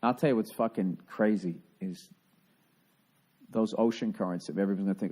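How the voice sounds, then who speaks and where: A man's voice: deep voice, steady tone, moderate pace, dark tone, husky. A man from Boston hosting a solo podcast, ranting in a profane, sarcastic, rambling way. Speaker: podcast host. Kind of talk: casual solo podcast rant.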